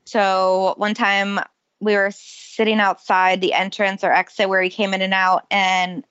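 A woman telling personal stories as a guest in a casual interview, lively and often laughing. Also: mid-range voice, unhurried, clear, resonant tone, no echo, lo-fi sound.

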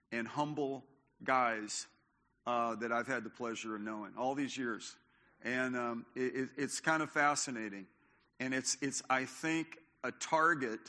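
Older pastor with a bright voice. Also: male voice, medium pitch. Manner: conversational, many fillers and restarts. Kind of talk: sermon. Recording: long hall reverb.

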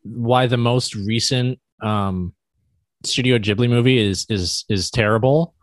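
A man co-hosting a podcast in casual chat, talking in an animated, halting way with many restarts. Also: medium pitch, dry recording. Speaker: podcast co-host.

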